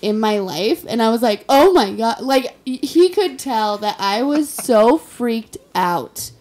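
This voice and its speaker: A woman co-hosting a casual talk show, telling stories in an animated way and laughing easily. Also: on the high side. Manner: animated storytelling, quick to laugh. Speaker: co-host. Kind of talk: casual chat.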